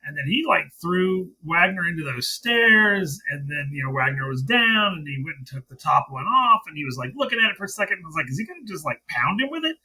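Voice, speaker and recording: A man co-hosting a wrestling podcast, chatting casually, animated and laughing along. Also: fairly high pitch, a little fast, hardly any pauses, slightly rough, rough recording. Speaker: podcast co-host.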